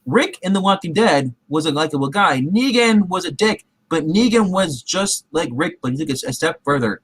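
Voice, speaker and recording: A man's voice: on the high side, animated, normal speed, fairly bright tone, husky, no echo. A man casually recapping a TV episode in a rambling way, full of fillers and restarts, acting out the characters' lines as he goes. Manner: acts out characters' quotes in his retelling. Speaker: show recap host.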